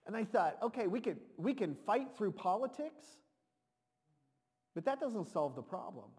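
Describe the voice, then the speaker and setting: A man preaching a sermon in an animated way, repeating words and now and then shouting to act a point out. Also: sits high, normal speed, breathy edge. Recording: long reverb of a large hall.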